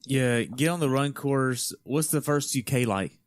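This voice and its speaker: A male podcast host asks short questions and drops brief reactions. His voice sits at a middling pitch, recorded dry and close with no room sound. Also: a little slow, no room sound. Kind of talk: casual interview.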